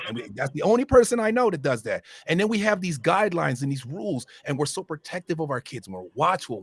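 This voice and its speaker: Animated man chatting, dry sound. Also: fairly high pitch, no room sound. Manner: animated, swears freely, loud bursts. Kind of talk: casual chat.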